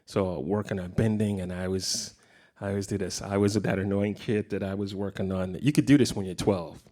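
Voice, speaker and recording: A middle-aged man giving a casual guitar clinic in a guitar shop, talking in a relaxed, rambling way with many fillers. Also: low voice, normal speed. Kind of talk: casual teaching talk. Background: guitar playing.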